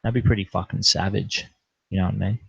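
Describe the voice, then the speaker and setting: Gravelly Australian bloke rambling on a stream. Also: male voice, deep voice, steady tone, fast talker, fairly bright tone, no echo, highs cut off. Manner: swearing, slangy, rambling anecdotes with acted-out quotes. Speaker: livestream host reading chat comments. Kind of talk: casual livestream chat and storytelling.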